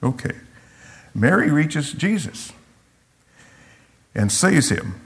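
A man's voice: a little high, big pitch swings, takes it slowly, gravelly, a bit bright. A man teaching through a Bible passage verse by verse, reflective and explanatory, sometimes acting out the quotes.

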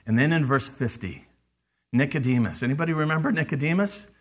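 A man's voice: a little high, brisk. A man preaching a sermon, speaking animatedly and acting out quoted lines with emphasis. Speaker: pastor.

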